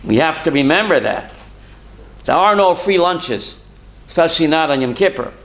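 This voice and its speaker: Rabbi guy with a high voice giving a torah class, keeps throwing questions at the room. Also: expressive, normal speed, fairly bright tone. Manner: questions the class and answers himself, with Hebrew and Yiddish terms.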